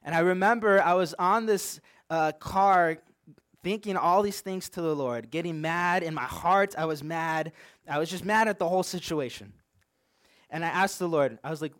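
Young guy pastor, bit high voice, earnest animated sermon story, lots of "like". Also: normal speed.

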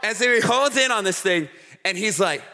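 A man gives a camp sermon in a high, bright voice. He tells stories in an animated way, throwing "okay?" and "all right?" to the crowd. Long reverb hangs around him from the big hall. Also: normal speed, faint music behind. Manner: animated storytelling with frequent "okay?" asides. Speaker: camp speaker. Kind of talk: youth sermon. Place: large hall with an audience.

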